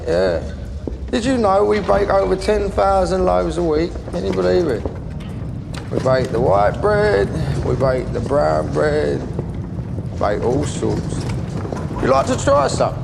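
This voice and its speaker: An actor playing a volatile, menacing gangster baker in a crime drama, mocking one moment and threatening the next. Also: male voice, a little high, vocal fry, full character voice. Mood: mocking jovial. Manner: mocking, swings between jovial and menacing. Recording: steady background noise.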